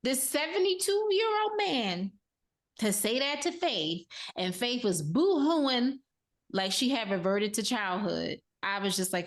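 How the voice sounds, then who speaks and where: A woman's voice: medium pitch, sing-song, unhurried. A woman talks on a podcast in a mid-range voice. Her delivery is incredulous, and her sentences run together. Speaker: podcast co-host. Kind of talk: casual chat.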